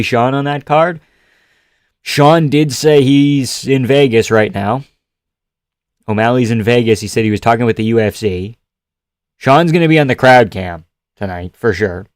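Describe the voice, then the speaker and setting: Male streamer, mid pitch, profane and rambling, dry close mic. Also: no room sound. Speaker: live streamer. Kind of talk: casual chat reacting to chat.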